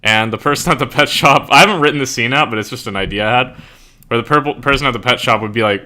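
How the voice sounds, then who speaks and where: A man's voice: mid-range voice, fast, pushed and bright. A young man chatting casually and rambling, with lots of "like" fillers and frequent laughter. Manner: laughs often. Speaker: streamer and author. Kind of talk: casual chat.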